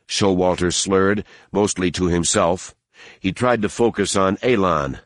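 A man narrating an audiobook in a steady, measured storytelling manner on a close mic. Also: low voice, no room sound. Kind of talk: scripted narration.

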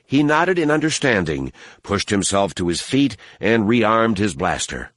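A man reads an audiobook as scripted narration, telling the story in a steady, measured way. His pitch sits fairly low, and the close-miked recording has no echo.

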